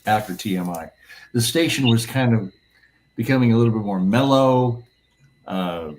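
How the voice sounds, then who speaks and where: Older guy, old program director, low voice, keeps jumping in. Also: normal speed, a little mellow. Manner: interjecting, prompting others. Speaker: former radio program director. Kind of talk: casual reminiscing chat.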